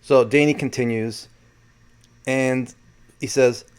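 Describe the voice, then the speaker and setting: A man's voice: mid-range voice, steady tone, slow pace, darkish tone, smooth. A man hosting his own channel, talking through a transcript in casual commentary, often stopping to correct and restart himself. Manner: rambling, self-correcting, many restarts. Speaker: channel host.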